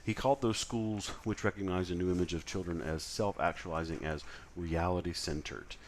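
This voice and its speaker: Low-voiced man giving a casual lecture. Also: fairly even intonation, a little fast, slight background noise. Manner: conversational, with frequent fillers and self-corrections. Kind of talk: recorded lecture.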